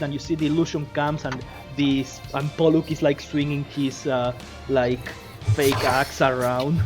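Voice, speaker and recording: A man's voice: mid-range voice, fairly even intonation, normal speed, faint music behind. A man narrating as game master, rambling with restarts and frequent laughs. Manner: rambling, many fillers and restarts, laughs often.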